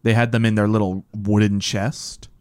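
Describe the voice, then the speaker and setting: A young man chatting casually as a podcast co-host, teasing his friends. His voice sits on the low side. The sound is dry and close, with no room around it. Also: little pitch movement, normal speed, a little mellow, clear, resonant tone, dry recording. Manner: joking, teasing banter. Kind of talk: casual chat. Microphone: webcam call setup.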